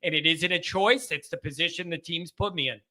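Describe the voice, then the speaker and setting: A man's voice: on the high side, a little fast, sharp tone. A man hosting a call-in show, chatting casually and frankly, often saying "man".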